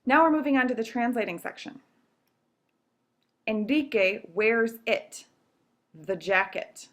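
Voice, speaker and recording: A woman's voice: a little high, animated, measured pace. A woman teacher explaining grammar rules step by step in a recorded video lesson, patient and checking in with "okay?" often. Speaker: Spanish teacher.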